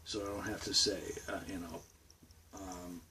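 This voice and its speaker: A young man with a thick Boston accent talks casually into his vlog, his very low voice wandering through fillers, restarts and asides. He sits well back from the microphone, and a faint hiss of background noise runs beneath his speech. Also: level tone, sharp tone, far from the mic. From Boston, Massachusetts. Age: 20s. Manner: rambling, halting, many fillers and restarts. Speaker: vlogger.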